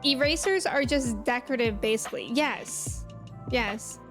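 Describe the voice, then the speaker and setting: A woman's voice: fairly high pitch, unhurried, over music. A young woman from New England, a streamer casually chatting and reminiscing while reading and answering her live chat.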